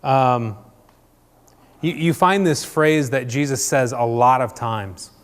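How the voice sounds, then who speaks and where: A man's voice: mid-range voice, takes it slowly, clean tone, in a large hall. A man giving a conversational sermon, chatty and often checking in with "right?". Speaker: church speaker.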